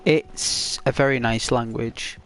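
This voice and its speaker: An English man with a soft tone chats and rambles while he plays. His voice sits at an ordinary middle pitch. The delivery is casual gameplay commentary with a gentle, semi-ASMR feel. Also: steady tone, takes it slowly, creaky, soft background music. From England. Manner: soft-toned, rambling and chatty. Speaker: gaming channel host.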